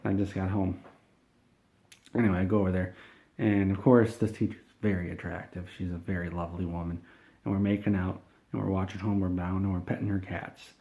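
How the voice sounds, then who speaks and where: A man telling a rambling, deadpan comedic story, meandering and halting with frequent restarts. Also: low voice.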